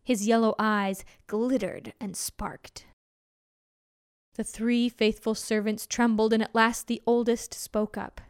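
Woman storyteller, higher voice, clean dry read. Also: flat delivery, clear, resonant tone, no echo. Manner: gentle, measured narration.

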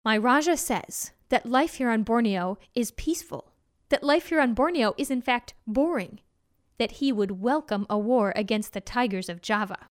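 A woman voicing a clever, brave little female mouse in a storybook, speaking politely and quick-wittedly. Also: a little high, animated, lightly acted. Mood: earnest.

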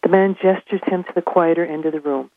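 A woman reading aloud from her own novel in a steady, measured narration. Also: lowish voice, no room sound. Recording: tinny phone line.

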